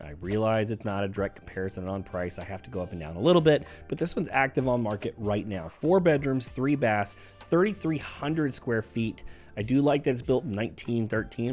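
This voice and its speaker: A man talks viewers through homes for sale in a casual, upbeat voice-over, his throat a little hoarse after being sick. His pitch sits in an ordinary middle range. Faint music plays quietly underneath. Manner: upbeat, chatty and conversational. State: hoarse from recent illness. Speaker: real estate agent. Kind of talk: casual real estate video walkthrough.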